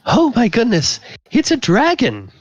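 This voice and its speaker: A man doing a tipsy, shrill big woman. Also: wildly swooping pitch, measured pace, no room sound, lo-fi sound, heavily acted. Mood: tipsy gushing. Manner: gushing, tipsy and overfamiliar. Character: tipsy large humanoid woman at a ball.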